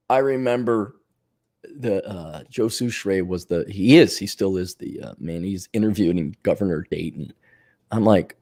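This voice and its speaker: A man's voice: deep voice, moderate pace, dark tone. A man hosting a podcast, delivering a blunt, sardonic, profane monologue rant. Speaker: podcast host.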